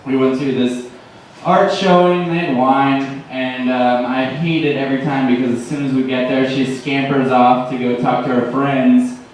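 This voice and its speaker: A young man doing deadpan open mic stand-up, rambling with lots of fillers. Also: medium pitch, normal speed. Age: late teens to early 20s. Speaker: stand-up comedian. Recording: echoey room, distant mic, faint noise.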